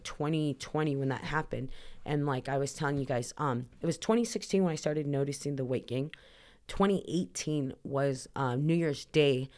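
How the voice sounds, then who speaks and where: A woman's voice: sits low, a little mellow. A woman from Southern California, a podcast guest telling a personal story in a rambling, earnest way, full of "like" fillers. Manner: rambling, heavy use of "like"; earnest, emotional retelling.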